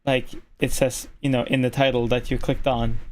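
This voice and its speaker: A man's voice: mid-range voice, little pitch movement, moderate pace, a little mellow. A man from Norway streaming live, ranting at his chat in a profane, irritated way.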